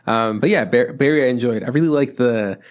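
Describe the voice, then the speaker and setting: A man's voice: medium pitch, brisk. A man co-hosting a podcast in casual chat, rambling with lots of fillers, restarts and swearing. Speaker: podcast co-host.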